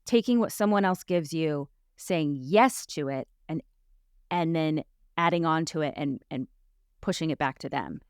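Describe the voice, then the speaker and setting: A woman's voice: deep voice, a little slow, a little mellow, clean tone, no room sound, studio quality. A woman podcast host and life coach in a casual chat, telling personal stories in a candid, reflective way with frequent restarts.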